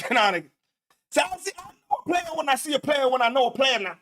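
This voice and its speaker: A man's voice: very high voice, sing-song, fast, a bit bright, slight background noise. A man hosting a talk show, reacting to a clip with laughing, profane, repetitive commentary. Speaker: show host.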